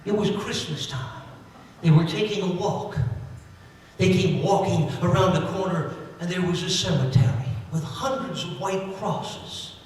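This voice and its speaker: A man's voice: sits high, measured pace. A man telling jokes in a folksy, chatty stand-up routine. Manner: folksy, chatty joke delivery. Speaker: stand-up comedian. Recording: echoey hall recorded from far off.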